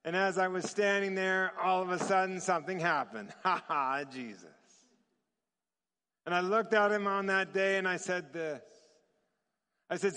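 A man's voice: high-pitched, normal speed, smooth. A man preaching a sermon, telling a story and acting out the dialogue with laughter. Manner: animated, acts out dialogue with laughter. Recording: long reverb of a large hall.

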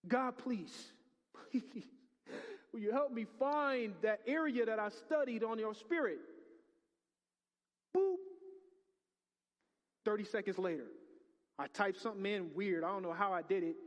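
A middle-aged male pastor preaching a sermon, swinging from hushed, prayerful murmurs to loud, excited exclamations. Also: high voice, measured pace, pauses often, long reverb tail.

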